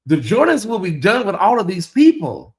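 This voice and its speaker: A man's voice: high-pitched, huge pitch swings, moderate pace, a little mellow. A man giving casual livestream commentary, dramatic and teasing, talking straight to his chat.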